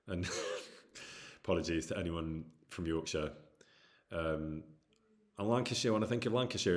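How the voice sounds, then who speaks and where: A man's voice: sits low, moderate pace, long pauses. A man from near Birmingham with a Brummie accent, casually chatting with his livestream viewers and reading out their comments in a self-deprecating way. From English Midlands, near Birmingham. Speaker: livestream host. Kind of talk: casual chat with stream viewers.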